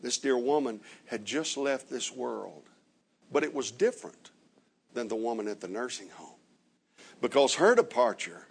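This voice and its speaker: Gravelly-voiced male preacher telling a story. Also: mid-range voice, big pitch swings. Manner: slow, dramatic retelling with many reported quotes. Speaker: traveling preacher. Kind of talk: sermon storytelling.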